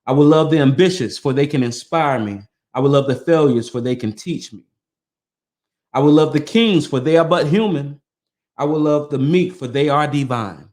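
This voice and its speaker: A man's voice: on the high side, normal speed, darkish tone. Earnest man reading motivational text. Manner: earnest, emphatic delivery with casual asides. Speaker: podcast host.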